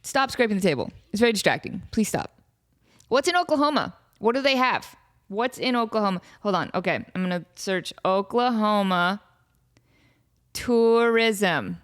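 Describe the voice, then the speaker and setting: A woman in her thirties hosts a podcast from her home near Las Vegas, casually chatting and joking through fan questions with plenty of fillers and asides. Her mid-range voice is expressive and moves at a normal speed.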